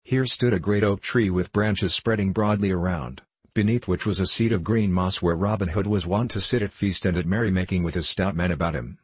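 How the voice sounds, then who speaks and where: A man reading a storybook aloud in a measured, even manner. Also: sits low, slightly rough, dry recording. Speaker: audiobook narrator.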